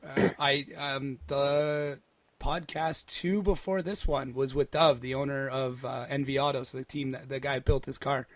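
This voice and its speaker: A man hosting a podcast, telling animated stories in casual chat, swearing freely and laughing often. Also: medium pitch, measured pace, dry recording. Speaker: podcast host.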